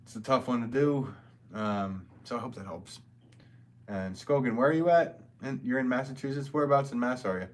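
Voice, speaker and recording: A potter from the American Northeast hosts a livestream, speaking in a medium-pitched voice at a moderate pace. He talks loosely and rambles casually, reading viewer comments aloud.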